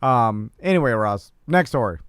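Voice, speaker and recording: A man co-hosting a casual chat, laughing often and trailing off into low mumbles. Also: lively intonation, normal speed, a bit bright, smooth, no echo, studio quality. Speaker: co-host.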